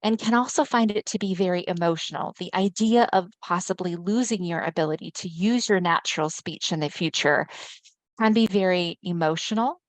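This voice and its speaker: A woman's voice: on the low side, normal speed, no echo. Chatty woman presenting a webinar. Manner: conversational, often checks in with listeners. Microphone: video call mic.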